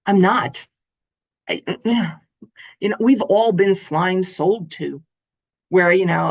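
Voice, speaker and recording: Expressive woman giving a motivational talk. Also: medium pitch, takes it slowly, dull audio. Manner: expressive, animated storytelling. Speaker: motivational speaker. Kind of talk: summit talk to an online audience.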